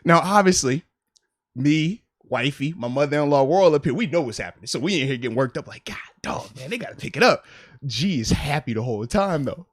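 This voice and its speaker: A man with a lively, swooping voice tells a family story in loose, casual podcast talk. He laughs often as he goes. The recording is dry and close to the mic. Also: on the high side, fairly quick, no echo. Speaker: podcast host, former player.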